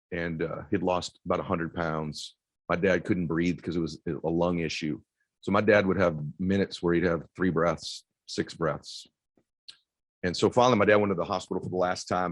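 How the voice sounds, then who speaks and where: A middle-aged man with a deep voice giving an intense motivational speech, telling a personal story that sometimes drops to a hush. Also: fairly even intonation, normal speed, no room sound, poor audio. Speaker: motivational speaker.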